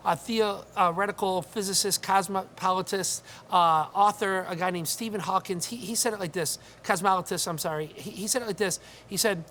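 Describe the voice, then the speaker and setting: A woman preaching a sermon in an earnest, emphatic way, often restarting her words. Her voice sits at a middle pitch. A faint hiss of noise runs under her speech. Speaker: pastor.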